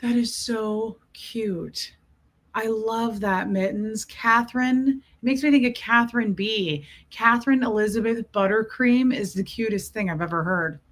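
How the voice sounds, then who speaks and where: Casting: chatty woman livestream host, bright and slightly high voice, greets viewers by name between stories. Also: a little slow. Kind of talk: casual livestream chat.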